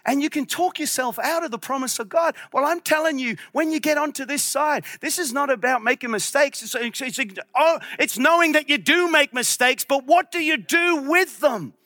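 A male pastor preaching a sermon with passion, at times breaking into shouts. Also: very high voice, moderate pace, few pauses, no room sound.

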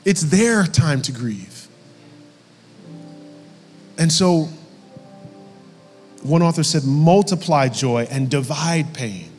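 A man preaching a sermon from the pulpit, lively when acting out quotes and dropping low and soft for the somber stretches. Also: takes it slowly, long pauses, big-room sound, faint music behind. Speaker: pastor. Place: church sanctuary.

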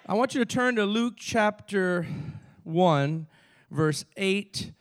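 Man, Cuban accent, high-pitched, pastor, energetic sermon, church. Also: takes it slowly. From Cuba. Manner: energetic call-and-response preaching. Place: church sanctuary.

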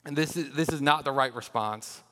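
Young male children's minister preaching a jokey, animated sermon, mid pitch, hall reverb. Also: brisk. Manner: lively, jokey, often repeats words when restarting.

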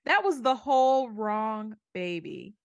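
A woman hosts a chatty podcast, her voice higher than most and full of swooping pitch. She jumps in with quips and laughs freely. The sound is dry and close. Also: expressive, slow pace, dry recording, highs cut off. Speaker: podcast co-host. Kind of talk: casual chat.

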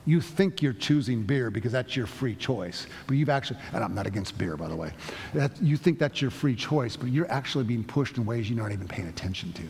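With the long reverb of a church sanctuary and a slight hiss or hum behind him, a pastor delivers a story-driven sermon in a conversational style full of restarts. He has a medium pitch, darkish tone, and lively intonation, and speaks fairly quickly.

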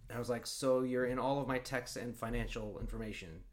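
A man chatting casually as a podcast co-host, rambling through a story and reading messages aloud in a flat voice. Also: mid-range voice, fairly quick. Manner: rambling storyteller, swears, reads chat logs aloud in a flat voice. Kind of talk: casual chat.

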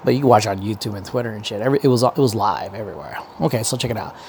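A man's voice: lowish voice, racing, darkish tone, a little hiss or hum. A man giving casual, rambling commentary as a podcaster, profane and meandering, with many restarts.

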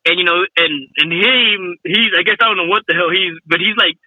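A man's voice: high-pitched, fairly quick, bright, forceful tone, no room sound, highs cut off. A man telling a funny story in casual chat, laughing a lot, slangy and swearing often.

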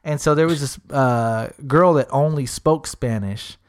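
A man's voice: mid-range voice, a little slow, smooth. Young man telling a story animatedly. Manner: animated storyteller, swears a lot, acts out quoted voices. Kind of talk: casual storytelling chat.

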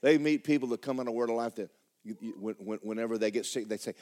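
A middle-aged male pastor, preaching a sermon in a folksy storytelling way that climbs into shouts. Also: medium pitch, fairly even intonation, quick pace.

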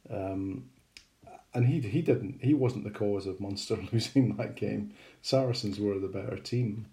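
A man's voice: fairly low pitch, a little slow, vocal fry, dark tone. A middle-aged man co-hosting a podcast, chatting casually and rambling with many hesitations. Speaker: podcast co-host. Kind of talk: casual chat.

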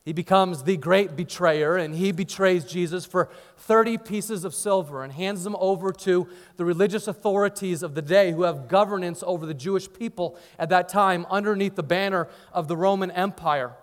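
A man's voice: high voice, normal speed, few pauses, big-room sound. A man preaching a sermon, telling the story with dramatic, acted-out dialogue. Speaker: pastor.

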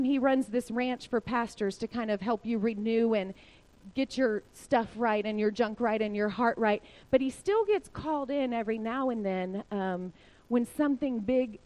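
A woman preaching a sermon, telling stories with animated, acted-out quotes. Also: a little high, poor audio. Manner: animated storyteller, acts out quotes. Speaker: speaker at a church service. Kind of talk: sermon storytelling.

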